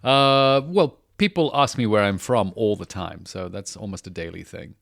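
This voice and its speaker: A British man with a fairly low voice sits in as a podcast guest. He answers in casual chat, dry and understated, and laughs easily at the questions. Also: normal speed, gravelly, a bit bright.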